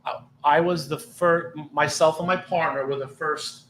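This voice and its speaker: A man's voice: on the high side, moderate pace, roomy sound, slight background noise, rough recording. A middle-aged man, a former police officer, telling blunt, profane stories in casual podcast talk. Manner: blunt, heavy swearing, animated retelling. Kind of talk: casual storytelling.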